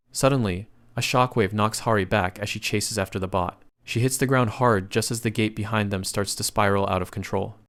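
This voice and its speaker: A man narrating a comic story recap in a steady, scripted storytelling delivery. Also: lowish voice.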